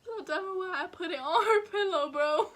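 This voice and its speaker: A woman's voice: very high-pitched, normal speed, a bit bright. A young woman chiming in on a story with a friend, giggly and casual. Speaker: vlogger's friend.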